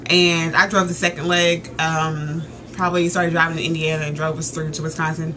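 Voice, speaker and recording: A woman in her thirties telling a story in a casual, animated rant, laughing and exclaiming as she goes. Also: sits low, a little fast. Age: 30s. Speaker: vlogger.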